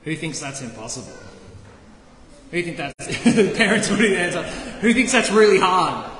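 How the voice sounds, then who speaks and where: A man's voice: sits high, pushed and bright, a little hiss or hum. A man preaching as a pastor, playfully quizzing the children during a sermon. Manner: playful, asks the kids questions. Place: church. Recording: echoey church hall, faint ambience.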